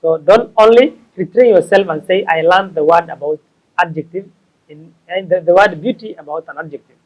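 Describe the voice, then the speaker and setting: High-voiced man teaching English. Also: a little mellow, low-quality recording. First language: Somali. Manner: slow, repetitive, stops to correct himself. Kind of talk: explaining tips to learners.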